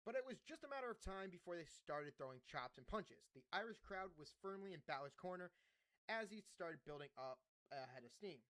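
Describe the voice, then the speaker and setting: Young guy doing a wrestling recap pod, kinda high voice, swears a lot, cracks himself up. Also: expressive, brisk, a bit bright. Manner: swears casually, jokes and laughs at himself. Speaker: wrestling podcast host. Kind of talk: casual wrestling recap, reading notes aloud.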